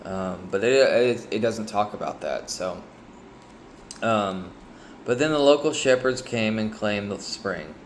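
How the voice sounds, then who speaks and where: A man reading a Bible chapter aloud and pausing to reflect on it, hesitant and sleepy, with frequent ums and restarts. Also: fairly low pitch, lively intonation, a little hiss or hum. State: sleepy, yawning. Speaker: Bible reader sharing reflections.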